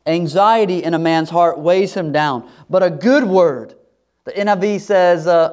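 A middle-aged man preaching a sermon to his congregation in a conversational way, sometimes dropping to a soft, confiding tone. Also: sits high, measured pace. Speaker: pastor.

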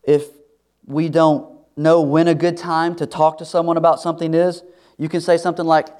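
A middle-aged man preaching a sermon to his congregation in a conversational way, sometimes dropping to a soft, confiding tone. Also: a little high, flat delivery, normal speed. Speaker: pastor.

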